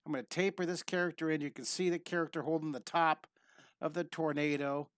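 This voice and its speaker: A man's voice: fairly high pitch, fairly even intonation, fairly quick, fairly bright tone, clear, resonant tone, no room sound, clean studio sound. Bubbly man teaching drawing live. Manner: bubbly, rambling, chatty with viewers. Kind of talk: live online drawing lesson.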